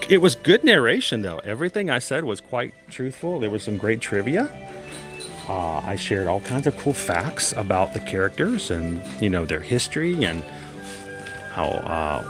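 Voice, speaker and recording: With a mid-range voice full of big pitch swings and a normal pace, this middle-aged man tells a laid-back story on a theme park livestream. He chats, makes fun of himself, laughs often, and music blares behind him.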